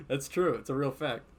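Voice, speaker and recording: A man's voice: a little high, a little hiss or hum. A man hosting a casual art livestream, talking in a rambling, profane way and drifting from tangent to tangent while he draws. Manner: animated, often slipping into quoted voices. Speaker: art streamer and host.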